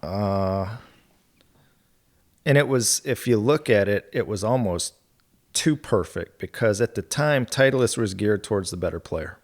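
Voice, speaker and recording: A man speaking as a podcast guest, telling stories in a relaxed, candid way. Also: on the low side, measured pace. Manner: relaxed and candid, with mild swearing and laughs. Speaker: guest, golf equipment territory manager. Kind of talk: casual storytelling.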